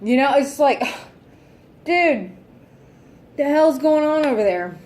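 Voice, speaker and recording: A woman's voice: high voice, expressive, slow, darkish tone. A woman venting in a casual vlog, exasperated and heavily profane, sighing often. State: fed up and irritable. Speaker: vlogger.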